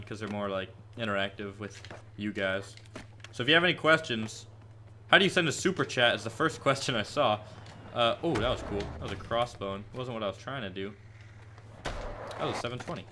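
Excitable 18-year-old male streamer, bright voice. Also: lowish voice, a little hiss or hum. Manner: chatty, bursts into excited frustrated yelps. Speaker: gaming streamer. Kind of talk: live stream gameplay commentary and Q&A. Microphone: headset with headphones.

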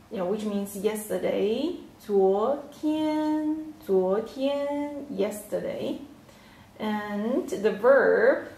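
A woman teaching a slow online Chinese lesson, patiently repeating words and filling pauses with "yeah" and "okay". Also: mid-range voice, gravelly, a little mellow, distant mic, slight background noise. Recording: echoey room, off-mic.

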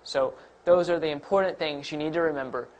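A man's voice: a little high, fairly quick, darkish tone, slight background noise. A man teaching a test-prep grammar lesson, explaining step by step with a few fillers and restarts. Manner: explains step by step while pointing at examples; uses fillers and slight self-corrections. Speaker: instructor.

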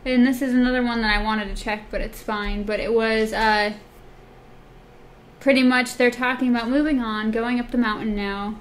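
A woman co-hosting a casual book discussion podcast, chatty and reading passages aloud in a softer voice. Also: fairly even intonation, normal speed, a little hiss or hum. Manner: chatty, reads quotes in a soft low voice. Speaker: podcast co-host.

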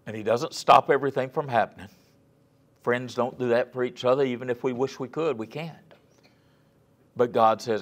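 A man giving a guest lecture on scripture in a folksy storytelling manner, asking the audience questions and sometimes dropping to a soft, near-whispered voice for emphasis. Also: mid-range voice, fairly even intonation, moderate pace.

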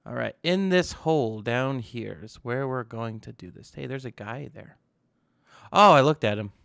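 A man's voice: medium pitch, expressive, moderate pace, creaky, fairly bright tone, dry recording, clean studio sound. A young man hosting a gaming channel, talking casually to himself as he plays and tossing in jokey asides. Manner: chatty, self-talking, joking asides. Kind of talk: casual gameplay commentary.

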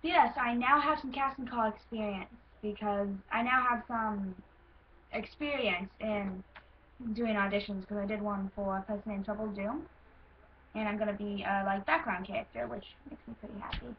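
A woman's voice: mid-range voice, fairly even intonation, normal speed. Brief: American woman introducing an audition, nervous and chatty; dull lo-fi recording, light hiss. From United States. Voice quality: self-conscious, rambling, with frequent ums. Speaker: voice actor auditioning. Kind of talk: casual casting-call audition. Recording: lo-fi with faint hiss.

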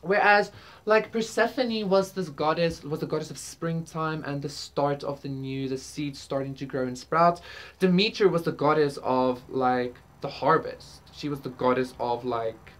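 A woman's voice: sits low, normal speed. A woman doing a casual tarot reading, rambling with many fillers and casual swearing. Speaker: tarot reader. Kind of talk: casual spiritual reading to camera.

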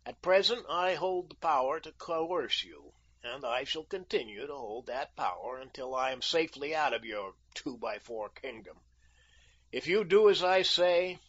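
A man's voice: mid-range voice, a bit bright, slightly rough, heavily acted. A man voicing a brash, self-assured young American who bargains coolly and mocks, on a dull lo-fi recording. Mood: firm, cool. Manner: cool, bargaining and mocking. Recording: dull lo-fi audio.

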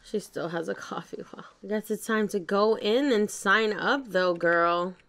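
A woman hosting a let's play, narrating the game story in a chatty, excitable manner and swearing casually. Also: mid-range voice, measured pace. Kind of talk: casual gameplay commentary.

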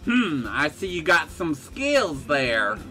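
A man's voice: a little high, sing-song, slow pace, sharp tone, soft background music, exaggerated voice. A man voicing a swaggering Wild West outlaw in a drawling put-on twang, reading game lines aloud. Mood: cocky.

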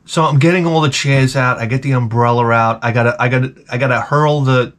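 A man's voice: medium pitch, fairly quick. A middle-aged man, hungover, telling a rambling, exasperated story to his viewers. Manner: animated, exasperated, acts out his own reactions. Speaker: vlogger. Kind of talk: casual storytelling rant.

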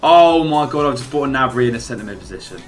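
A laid-back man hosting casual gaming commentary. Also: mid-range voice. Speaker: gaming YouTuber host.

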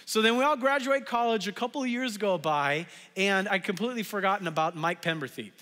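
A young man preaches in a church, and his tone is high and lively. He tells a story casually and uses many fillers. His voice carries long reverb from a large hall. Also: a little fast. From Southern California. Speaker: pastor. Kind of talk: storytelling sermon. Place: church sanctuary.

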